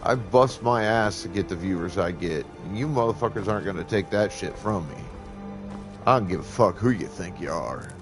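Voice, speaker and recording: A man's voice: normal speed, music in the background. A man streaming a game live, ranting heatedly and swearing constantly. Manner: heated, swearing constantly, animated swings in pitch. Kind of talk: profane live-stream rant.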